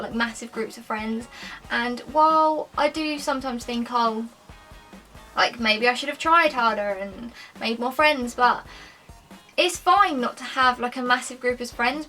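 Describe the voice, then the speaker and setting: A woman's voice: fairly high pitch, bright, forceful tone, recorded from a distance, low-quality recording. A woman in her twenties chatting casually to camera as a lifestyle vlogger, rambling with lots of "like" and "um". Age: 20s.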